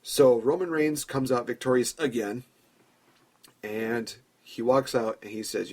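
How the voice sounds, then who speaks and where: A man's voice: medium pitch, fairly even intonation, unhurried. A man hosting a podcast, telling a long story in a chatty way and acting out imagined dialogue. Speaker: podcast host. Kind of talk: casual fantasy-booking commentary.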